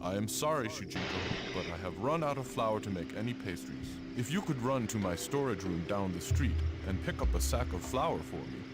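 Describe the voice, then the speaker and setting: A man's voice: fairly low pitch, expressive, brisk, few pauses, loud music behind the voice, natural voice. A man voicing a male baker in an amateur game, formal and stiff. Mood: apologetic. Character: apologetic male baker giving an errand.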